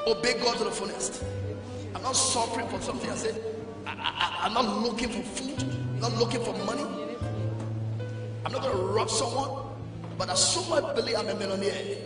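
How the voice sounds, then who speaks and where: A man with a Liberian English accent preaching a sermon as pastor, dropping to low talk and rising to shouted exhortation. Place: large church hall. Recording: echoey hall, distant mic, music behind.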